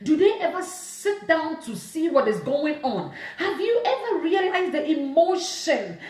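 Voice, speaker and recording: Ghanaian woman host, high animated voice, emotional rhetorical pleading, echoey room. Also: a little slow, hardly any pauses. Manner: emotional, pleading, many rhetorical questions, mixes in Twi. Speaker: livestream host. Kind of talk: impassioned live-stream rant.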